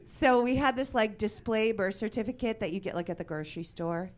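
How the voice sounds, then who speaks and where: A woman in her forties performing a stand-up comedy set, with a dry deadpan delivery that breaks into loud bursts of mock outrage. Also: medium pitch, a little fast. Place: comedy club stage before a live audience.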